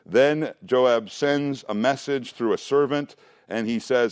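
A man's voice: medium pitch, takes it slowly, clear, resonant tone. Conversational man preaching a sermon. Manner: conversational, asks rhetorical questions, laughs often. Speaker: pastor.

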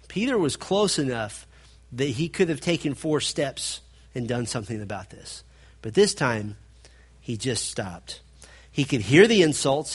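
A man preaches a sermon, retelling a scripture story as he swings between loud, emphatic passages and hushed, low stretches.

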